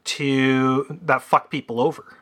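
A man's voice: mid-range voice, little pitch movement, slow, fairly bright tone. A man co-hosting a podcast in casual chat, cracking crude jokes and stammering on his starts. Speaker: podcast co-host.

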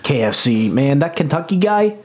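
A man's voice: fairly high pitch, very animated, normal speed, darkish tone, a little hiss or hum. A man hosting a comedy podcast, chatting casually and laughing often. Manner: laughs often, jokey and loose. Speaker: podcast host.

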